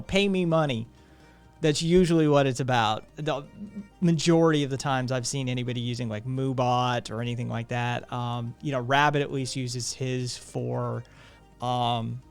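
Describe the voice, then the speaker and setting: Male streamer host, casual sarcastic chat, smooth resonant tone, faint music underneath. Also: mid-range voice. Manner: blunt and profane, laughing and sarcastic. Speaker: live streamer hosting a chat show. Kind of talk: casual live-stream chat, reading viewer comments.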